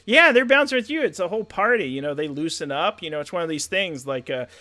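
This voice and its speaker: A man's voice: fairly high pitch, animated, fast talker, bright, forceful tone. A man running a tabletop game as game master, rambling through descriptions with fillers and jokey asides.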